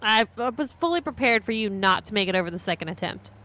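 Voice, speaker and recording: A woman's voice: mid-range voice, animated, fast talker, sharp tone. A woman co-hosting a live game stream, teasing her partner and swearing freely in casual chat. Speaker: co-host watching the game.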